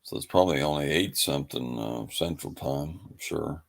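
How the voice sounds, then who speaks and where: A man's voice: rumbling low, normal speed, gravelly. A man hosting a livestream, talking in a rambling, folksy, laid-back way. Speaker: livestream host. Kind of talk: casual livestream chat.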